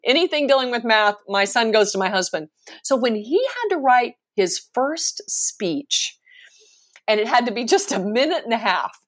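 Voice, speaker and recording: Animated woman guest with a higher voice. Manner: animated and emphatic, laughing often. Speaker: guest, professional speaker. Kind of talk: casual interview talk.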